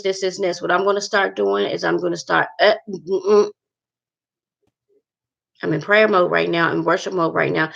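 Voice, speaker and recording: A woman's voice: lowish voice, creaky, a bit bright, muffled recording. A woman vlogger talking earnestly to her viewers about faith, rambling and repeating herself.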